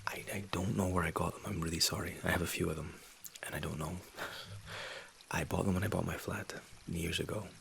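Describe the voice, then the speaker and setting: A man in his thirties, born in England and raised in Scotland, hosting a soft-spoken ASMR Q&A from a home setup on a condenser mic. He talks in a soft, low-key way and often drops into whispers. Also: fairly even intonation, moderate pace, vocal fry, breathy edge. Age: 30s. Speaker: ASMR channel host. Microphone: USB condenser mic.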